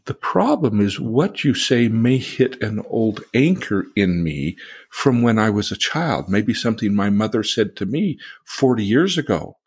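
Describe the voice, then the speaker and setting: A man's voice: fairly low pitch, very animated, unhurried, breathy edge. A middle-aged man, a podcast co-host, explaining ideas in an earnest teaching manner and sometimes acting out angry outbursts. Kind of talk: conversational teaching talk.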